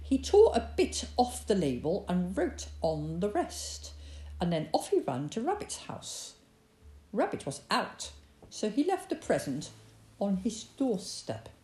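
A woman reading a children's picture book aloud in an expressive, sing-song storytelling manner. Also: medium pitch, unhurried, roomy sound.

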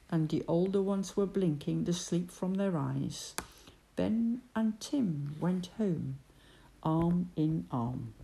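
Woman reading a storybook aloud, slow, gravelly, mellow tone. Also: on the low side. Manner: expressive, gentle storytelling.

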